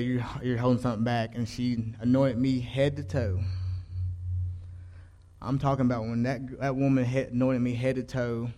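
A man's voice: mid-range voice, darkish tone. Earnest young man telling his testimony. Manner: earnest, rambling, slangy, self-interrupting. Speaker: church youth giving testimony. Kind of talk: casual spoken testimony.

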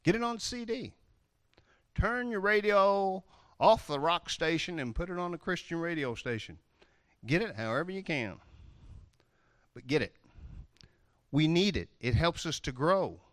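A male preacher giving a lively, playful sermon, swinging from loud outbursts to quiet asides. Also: a little high, measured pace, long pauses, no echo, clean studio sound. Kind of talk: animated sermon.

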